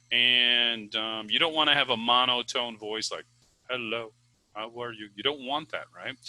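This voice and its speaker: A man's voice: medium pitch, pushed and bright, dry recording, low-quality recording. A man who teaches English, giving casual advice to the camera in a chatty way, with many fillers and restarts.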